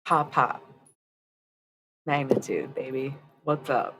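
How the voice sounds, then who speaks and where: A woman's voice: rumbling low, steady tone, slow, a bit bright. A woman chatting casually on a live stream, rambling and candid, swearing freely. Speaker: livestreamer.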